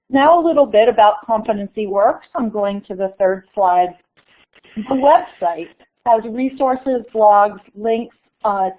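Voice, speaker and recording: Woman on a tinny phone line. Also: mid-range voice. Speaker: webinar moderator. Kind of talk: scripted webinar introduction. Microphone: conference call line.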